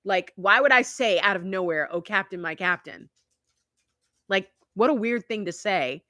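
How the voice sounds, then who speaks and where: Bright, chatty woman host. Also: mid-range voice, expressive, moderate pace, no echo, studio quality. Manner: chatty, confiding storyteller who laughs often. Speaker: YouTube channel host. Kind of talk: casual live-stream chat.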